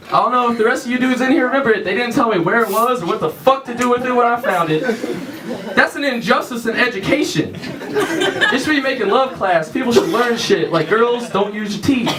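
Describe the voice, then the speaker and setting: A young man performing a crude stand-up comedy set on a theater stage, telling loose stories and switching into quick voices for his friends. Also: very high-pitched, recorded from a distance, background noise. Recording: echoey room, mic heard from afar. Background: audience laughter.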